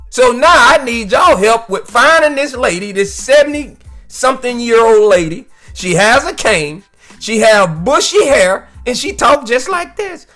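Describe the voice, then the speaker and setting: A man's voice: high-pitched, a bit bright. A man hosting his own weekly podcast, ranting casually with loose, profane jokes and frequent "you know what I'm saying.". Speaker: podcast host. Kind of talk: casual solo podcast rant.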